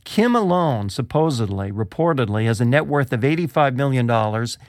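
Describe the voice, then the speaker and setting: A man's voice: medium pitch, animated, fairly quick, a little mellow, no room sound. Curious guy co-hosting, dry close mic, asks questions, laughs a bit. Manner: inquisitive, builds questions, laughs easily. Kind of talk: conversational discussion.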